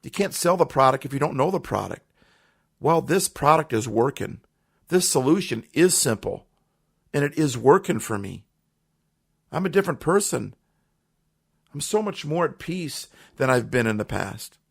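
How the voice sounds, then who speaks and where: A man's voice: mid-range voice, lively intonation, normal speed, gravelly, long pauses, husky. A man hosting a podcast, talking earnestly and emphatically in a motivational monologue, repeating phrases for effect. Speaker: podcast host.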